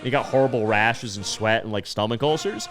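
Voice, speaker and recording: A young man co-hosting a comedy podcast, telling a story in animated casual chat and acting out the people in it. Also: medium pitch, a little fast. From United States. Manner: animated storyteller, quoting others in lively put-on voices.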